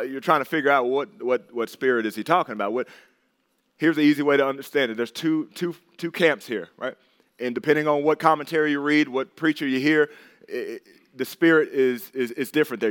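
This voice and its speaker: A man's voice: medium pitch, a bit bright, no echo, studio quality. A man, a pastor teaching a men's Bible study in a conversational, emphatic way with informal asides.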